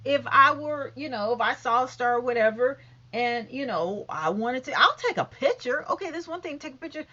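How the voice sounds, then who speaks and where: A woman in her fifties with a high voice speaks at normal speed, and the sound is lo-fi. In a casual vlog, she rants to camera bluntly and profanely, animated and emphatic.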